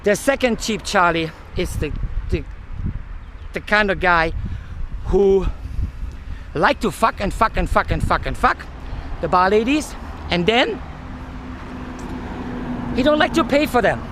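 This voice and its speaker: A man with a notably high-pitched voice rants to camera outdoors in the heat, sweating as he talks. He swears freely and often stalls to search for the right word. Faint traffic hums in the background. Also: expressive, unhurried, pauses often, a bit bright. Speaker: vlogger. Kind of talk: casual ranting monologue.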